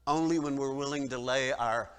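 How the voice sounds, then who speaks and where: A minister preaching a sermon, swinging from loud, dramatic declaring to quiet, reflective lines. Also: male voice, medium pitch, fairly even intonation, moderate pace, clear, resonant tone. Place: church sanctuary. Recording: long church reverb.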